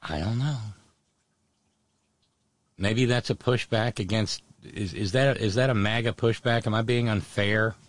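A man hosting solo political commentary, sardonic and halting, often restarting his words. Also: lowish voice, dry recording.

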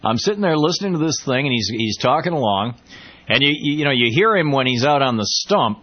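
A man's voice: mid-range voice, lively intonation, a little fast, slightly rough, muffled recording. A man hosting a radio talk show, chatting casually and wryly with lots of fillers and asides. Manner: chatty, wry, rambling with many fillers.

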